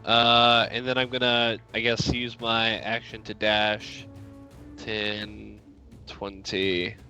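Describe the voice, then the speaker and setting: Man player, slow unhurried speech, bright voice, laid-back, hesitant. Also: on the low side, monotone, dull audio, faint music behind. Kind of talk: casual tabletop game play.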